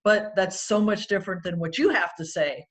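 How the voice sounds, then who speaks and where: A woman's voice: mid-range voice, moderate pace. Woman interviewer asking thoughtful questions. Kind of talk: conversational interview.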